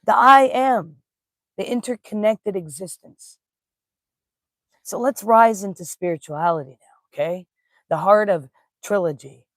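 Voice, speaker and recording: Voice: medium pitch, no echo, clean studio sound. Casual live-streamed spiritual teacher. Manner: casual storytelling, greets chat viewers; laughs easily, folksy slang.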